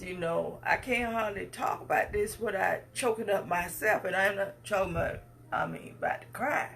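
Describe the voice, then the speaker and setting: With a creaky, fairly bright voice of medium pitch, a woman in her 50s speaks passionately to the public. Her phrasing is emphatic and repetitive, carrying a preacher-like cadence.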